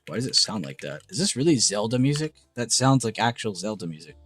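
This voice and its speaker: Host type: young guy, lowish voice, dry close sound, soft music behind, hyped and profane. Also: a little fast, husky, dry recording. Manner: excitable, swears freely, gushing praise. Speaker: trading stream host. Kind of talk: casual live-stream chart review. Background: faint background music.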